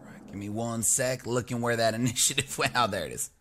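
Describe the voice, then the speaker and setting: A man playing a tabletop game over a call, excitable and casually swearing. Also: mid-range voice, brisk, a little hiss or hum. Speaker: player.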